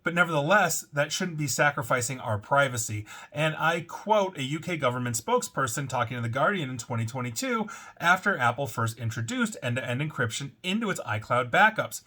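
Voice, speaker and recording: A man's voice: medium pitch, sing-song, a little fast, sharp tone, breathy edge. A man giving opinionated commentary, emphatic and indignant, talking casually with fillers. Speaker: tech commentator.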